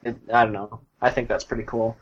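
A man with a mid-pitched voice, co-hosting a casual gaming podcast. He talks with gushing enthusiasm, often pausing on fillers and restarting his sentences. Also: little pitch movement, breathy edge, muffled recording.

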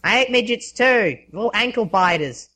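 A man's voice: high voice, animated, moderate pace, pushed and bright. A man with an Australian accent, bantering on a casual podcast and swearing freely. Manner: crude, swears a lot. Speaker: podcast co-host.

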